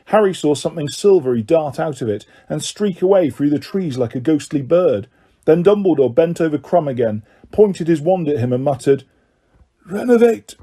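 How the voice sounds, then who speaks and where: Husky guy narrating an audiobook, dark mellow tone, a bit high. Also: moderate pace. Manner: even, steady storytelling. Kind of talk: scripted narration.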